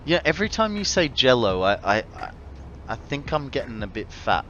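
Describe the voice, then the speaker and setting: Australian male game streamer, bright voice, easygoing rambling chat with viewers. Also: mid-range voice, very animated, normal speed, dull audio, a little hiss or hum. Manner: rambling, chatty, friendly to chat. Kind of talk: casual live-stream chat while gaming.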